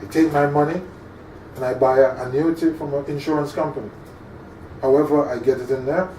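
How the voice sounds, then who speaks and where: A man's voice: medium pitch, fairly even intonation, fairly quick, warm tone. A male instructor giving an interactive classroom lecture, often quizzing his listeners and checking that they follow. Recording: echoey room, distant mic, faint hum.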